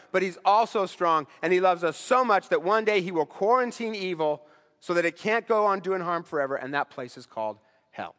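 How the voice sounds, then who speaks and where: A male pastor preaching a sermon in a conversational way, asking rhetorical questions and swinging between emphatic bursts and low, quiet asides. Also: long reverb tail.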